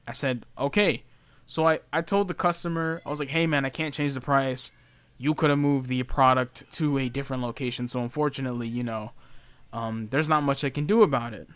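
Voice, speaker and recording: A young man telling a story about a rude customer at work. He sounds exasperated, talks in a quick stream full of fillers, and puts on the customer's voice now and then. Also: mid-range voice, fairly even intonation, a bit bright, clear, resonant tone, no room sound. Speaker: retail worker telling a story. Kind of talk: storytime rant.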